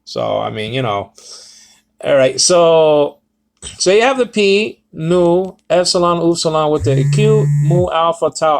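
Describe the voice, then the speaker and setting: Man with a somewhat high voice, talking through a Greek word study off the cuff and full of ums and restarts. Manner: rambling, self-correcting, many fillers. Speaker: Bible teacher. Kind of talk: casual Greek word lesson.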